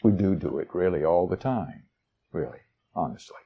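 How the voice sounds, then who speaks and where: A man's voice: low voice, expressive, normal speed, slightly rough, highs cut off. A man preaching a sermon, reading scripture verses aloud and explaining them in a folksy, conversational way with asides to the congregation. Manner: reads verses aloud with shifting dramatic emphasis.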